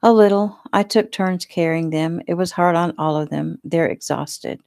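A woman's voice: fairly low pitch, normal speed, gravelly, darkish tone, no echo. A woman reading the lines of a proud, weary young mother with an earnest, indignant manner in a casual audiobook.

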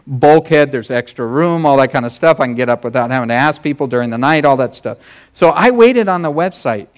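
A man in his thirties, a pastor, giving a sermon in a conversational, animated storytelling way. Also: mid-range voice, a little fast.

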